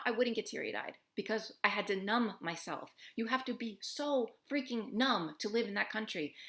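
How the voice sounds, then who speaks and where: A young woman from the United States speaks earnestly and emotionally to her camera, peppering her talk with "like". Her voice is bright and forward. The room around her rings with a noticeable echo. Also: medium pitch. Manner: earnest, emotional, heavy use of "like". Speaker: expat vlogger. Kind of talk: personal monologue to camera.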